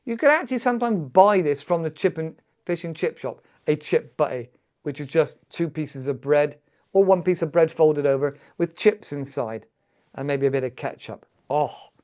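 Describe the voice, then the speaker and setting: A middle-aged man hosting a podcast, chatting in a relaxed way with lots of fillers and restarts. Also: on the high side, normal speed. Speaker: podcast host. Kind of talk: casual talk for English learners.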